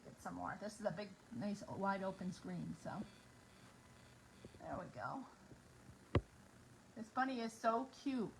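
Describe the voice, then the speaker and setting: A woman's voice: medium pitch, expressive, unhurried, creaky, pauses often, background noise. A middle-aged woman chatting casually as she demonstrates a craft project in her home kitchen, bubbly and talking while she works. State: out of breath. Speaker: craft vlogger. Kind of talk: casual demo chat.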